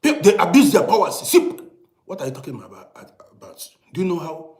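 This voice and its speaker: A man with a Nigerian accent delivers a heated video rant, hammering his viewers with repeated rhetorical questions. His voice sits high and leaps around in pitch. The sound bounces off the walls of an echoey room. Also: very animated, a little fast, darkish tone. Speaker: vlogger. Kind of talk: ranting commentary video. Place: indoors in Europe.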